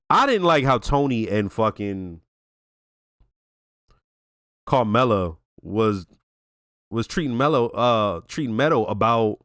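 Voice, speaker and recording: A man holds forth in a casual reaction review, cursing often and acting out the characters' lines. His pitch leaps high when something surprises him. The sound is close and dry, with no room around it. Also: no echo. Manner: profane, animated storytelling with exclamations. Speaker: reaction video host.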